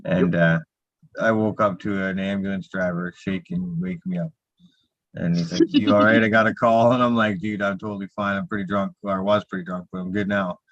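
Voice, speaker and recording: A man's voice: low voice, steady tone, a little fast. A man telling a story in an easygoing, chuckling way in a casual livestream chat. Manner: laid-back, laughing storyteller. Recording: dry, slightly dull call audio.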